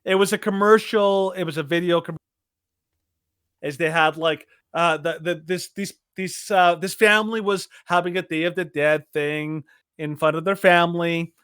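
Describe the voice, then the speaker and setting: A man with a fairly high voice talks through a casual podcast chat, stumbling over fillers and restarts as he hunts for words. He turns animated when he mocks something. The sound is dry and close, with no room around it. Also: moderate pace, clean tone, no echo. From Latino heritage. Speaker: podcast co-host.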